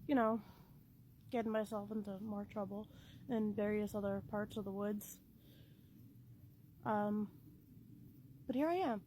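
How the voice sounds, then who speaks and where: A woman's voice: on the high side, a little hiss or hum, rough recording. A woman vlogging outdoors in the woods by an old mine entrance. She talks in a chatty, playful way and swears casually. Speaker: vlogger exploring old mines. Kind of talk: casual walking vlog.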